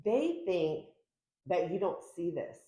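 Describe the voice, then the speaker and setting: This tarot reader films herself at home, giving a casual, chatty reading with lots of emphasis and acting out quotes with big pitch jumps. She speaks slowly in a warm, very animated voice, and the room is echoey.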